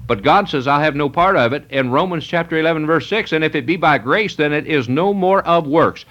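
Male preacher, emphatic and repetitive, slightly higher voice, dull lo-fi tape. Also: a little fast, a bit bright. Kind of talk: sermon. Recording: muffled lo-fi recording.

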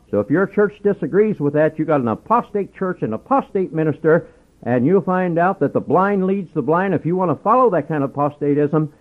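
A male preacher delivering a fervent sermon, swinging between loud urging and hushed asides. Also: mid-range voice. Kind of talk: radio sermon. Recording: narrow lo-fi radio broadcast sound.

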